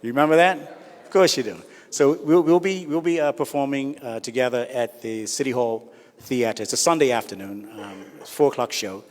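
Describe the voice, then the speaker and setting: A comedian hosts an awards show in a large hall, chatting and teasing the crowd with stand-up and audience banter. His mid-range voice has a darkish tone and a fairly quick pace, and the hall sounds reverberant.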